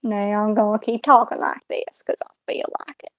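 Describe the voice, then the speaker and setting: A woman's voice: medium pitch, steady tone, moderate pace, dry recording, lightly acted. A young woman putting on a joking rural Southern US accent, drawling and playful. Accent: put-on Southern US drawl.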